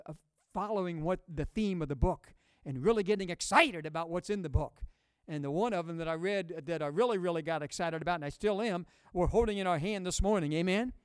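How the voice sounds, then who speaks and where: Male pastor, high-pitched and clear, emphatic call-and-response sermon, dry close sound. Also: dry recording. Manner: booming rises on key words.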